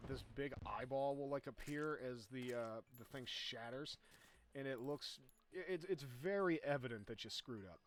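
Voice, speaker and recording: Excitable man narrating his gameplay. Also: medium pitch. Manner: chatty, excitable, yells at his pet mid-fight. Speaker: gaming YouTuber. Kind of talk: casual gameplay commentary.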